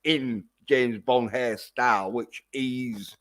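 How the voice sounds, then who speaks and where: A man's voice: mid-range voice, steady tone, takes it slowly. A man giving a casual, rambling film review on a livestream, swearing constantly as he talks. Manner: rambling and heavily profane.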